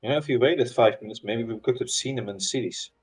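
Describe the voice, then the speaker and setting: A man chatting casually while a friend plays a game, explaining things in a calm, wry way. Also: medium pitch, quick pace, rough recording. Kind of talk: casual gaming chat.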